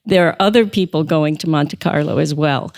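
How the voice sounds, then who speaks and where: A woman's voice: low-pitched, normal speed, gravelly. A woman, a theatre director, explaining a show enthusiastically in a casual interview.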